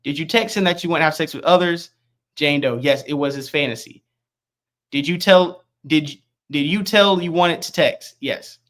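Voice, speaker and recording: A man reading court transcript aloud as an online news commentator, halting and repeating words, with casual asides. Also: on the high side, fairly bright tone. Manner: reads in a rushed, halting way, stumbling and repeating words.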